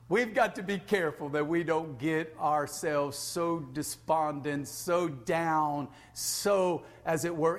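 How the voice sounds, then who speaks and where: A man preaching a sermon, reading scripture aloud and swinging from hushed whispers to shouted praise. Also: a little high, takes it slowly. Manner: reads scripture in King James style.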